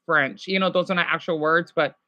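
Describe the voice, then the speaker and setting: A man's voice: on the high side, steady tone, brisk, bright, forceful tone, no room sound. A man streaming live and chatting casually with viewers, rambling, correcting himself and slipping in French phrases. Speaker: livestreamer answering viewers.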